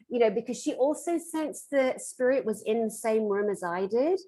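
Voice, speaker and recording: Animated storytelling woman, slightly high voice. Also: normal speed, hardly any pauses, rough recording. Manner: animated, acts out quoted dialogue. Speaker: metaphysical therapist. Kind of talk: storytelling on a conference panel.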